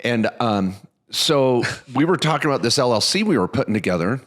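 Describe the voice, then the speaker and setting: A man's voice: medium pitch, fairly quick. A man co-hosting a podcast, telling stories in a casual, joking way. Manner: animated storyteller, joking asides. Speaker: podcast co-host.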